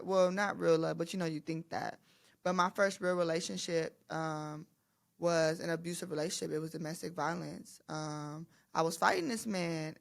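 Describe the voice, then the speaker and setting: Lower-voiced young woman telling her story. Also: gravelly, fairly bright tone. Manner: candid, conversational, addresses listeners as y'all. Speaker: podcast host. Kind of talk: solo personal storytelling.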